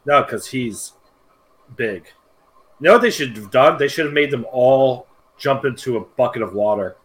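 A man's voice: mid-range voice, expressive, normal speed, a bit bright. A man co-hosting a podcast, teasing his friend and swearing freely in casual banter. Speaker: podcast co-host.

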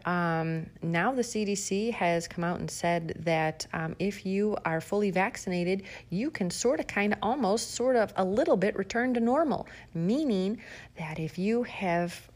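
A woman hosting her own podcast, talking casually with sarcastic asides, fillers and sudden jumps in tone. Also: medium pitch. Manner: sarcastic, animated, lots of fillers. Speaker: podcast host. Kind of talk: casual opinion monologue.

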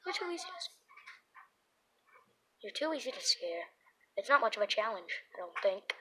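A woman's voice: medium pitch, big pitch swings, normal speed, pushed and bright, slightly rough, full character voice, rough recording. A woman voicing a reckless teenage boy who is bored with school and teases his girlfriend, in a read-aloud storybook. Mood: teasing. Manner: teasing, cocky.

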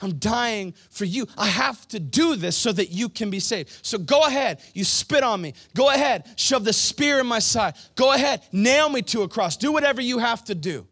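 A man's voice: extremely high pitch, expressive, moderate pace, few pauses, fairly bright tone, husky, no echo, studio quality, voice pushed up, full character voice. A man voicing Jesus on the cross, pleading and resolved, in an impassioned, insistent, raised voice.

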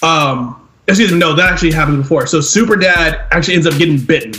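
Young male podcast co-host, lively storyteller who acts out quotes, somewhat high-pitched, light music underneath. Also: fast. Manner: animated retelling, acts out quotes, laughs often. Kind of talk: casual film review chat.

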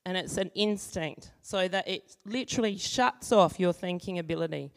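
A woman giving a sermon, moving from an animated story with acted-out voices to calm teaching and prayer. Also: medium pitch. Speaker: church speaker. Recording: long hall reverb.

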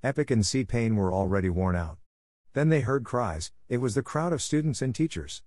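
A man reading an action story aloud in a steady, plain narration. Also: medium pitch, moderate pace, dry recording, studio quality.

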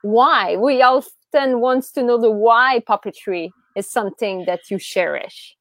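A woman hosts a podcast interview with a somewhat high voice, recorded dry and close. She asks her questions haltingly, often pausing to find the right words. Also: a bit bright, no echo. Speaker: podcast host.

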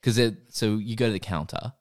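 A man's voice: on the low side, fairly quick, no echo, studio quality. A young man hosting a podcast, telling rambling comic stories in a playful, joking way. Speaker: podcast host. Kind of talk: casual joking chat.

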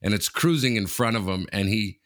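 A man co-hosting a casual sports podcast, telling stories in a rambling, halting way with lots of restarts. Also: on the low side. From Canada. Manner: rambling storyteller, halting restarts, laughs a lot. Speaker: podcast co-host.

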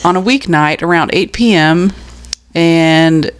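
A woman's voice: sits low, slow. A woman co-hosting a podcast, reading out stories in a casual way and laughing often. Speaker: podcast co-host. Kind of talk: casual storytelling chat.

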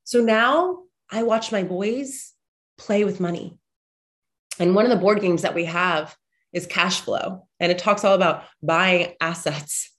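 A woman's voice: on the low side, measured pace. A woman in her thirties, slightly congested, giving a motivational monologue full of chatty personal stories, blunt and sometimes profane. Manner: animated, chatty storyteller, blunt and profane at times.

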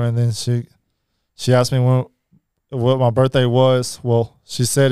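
A man telling his life story as a podcast guest, halting, with many fillers and restarts. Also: mid-range voice, little pitch movement, dark tone, smooth, no echo, studio quality. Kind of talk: personal storytelling.

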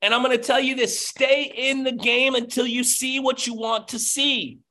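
A man giving a passionate motivational pep talk as a business coach, nearly yelling, over a video call. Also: extremely high pitch, little pitch movement, moderate pace.

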